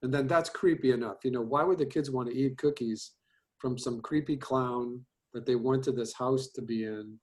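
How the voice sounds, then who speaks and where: A man's voice: medium pitch, steady tone, normal speed. A man teaching an online class, giving chatty, rambling feedback on student storyboards, with many fillers and restarts. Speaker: storyboard instructor. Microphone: video call.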